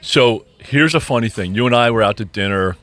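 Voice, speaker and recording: A man's voice: mid-range voice, fairly quick, fairly bright tone. A middle-aged man co-hosting a podcast in casual chat, rambling with restarts and frequent ums. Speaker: podcast co-host. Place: podcast studio.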